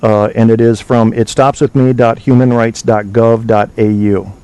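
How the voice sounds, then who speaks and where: On his talk podcast, a man rants in an opinionated call-in monologue, cursing openly and now and then reading from a web page. He speaks smoothly at a moderate pace, medium-pitched, level and dark-toned, over a rough recording.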